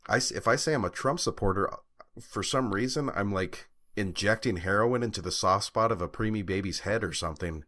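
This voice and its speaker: A young man with a very deep voice co-hosts a podcast, rambling through a story. He pads his talk with fillers and throws in profanity in casual chat. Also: brisk, bright, forceful tone. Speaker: podcast co-host.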